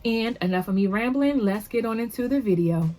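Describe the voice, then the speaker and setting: A woman's voice: fairly high pitch, lively intonation, a little fast, warm tone, soft background music. A woman hosting a casual makeup tutorial at home, chatty and upbeat, rambling a little with fillers as she talks to the camera. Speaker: beauty vlogger.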